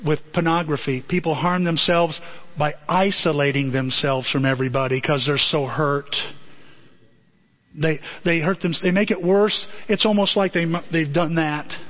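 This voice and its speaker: A middle-aged male pastor preaching a sermon, telling a family story and acting out the voices. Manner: animated storytelling, acts out voices in high falsetto. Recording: dull lo-fi sermon audio.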